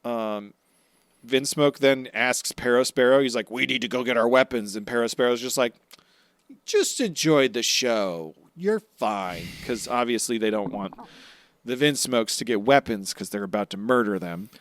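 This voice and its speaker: A man's voice: medium pitch, fairly even intonation, normal speed, fairly bright tone, no echo. Laid-back man recapping episodes. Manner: laid-back, rambling retelling with filler words. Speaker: podcast co-host. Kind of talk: casual chat recapping anime episodes.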